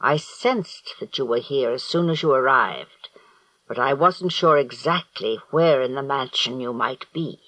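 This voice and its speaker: A man's voice: medium pitch, bright, forceful tone, no room sound, rough recording. A man reading an audiobook, voicing a cold, vengeful evil sorcerer with a harsh, grating voice. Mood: menacing. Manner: slow, menacing, gloating.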